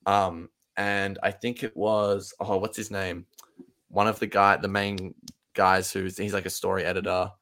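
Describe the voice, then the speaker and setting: A man's voice: deep voice, little pitch movement, measured pace, a bit bright. A man co-hosting a podcast in casual chat, eager and repeating words as he thinks. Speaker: podcast co-host.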